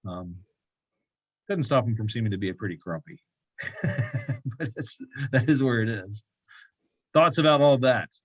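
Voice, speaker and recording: A man's voice: medium pitch, animated, slightly rough, no room sound, muffled recording. A man leading a church Bible class, chatting loosely with asides, laughs and "right?" checks after reading a passage. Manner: reads scripture aloud slowly, then talks loosely with many asides. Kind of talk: casual Bible study teaching.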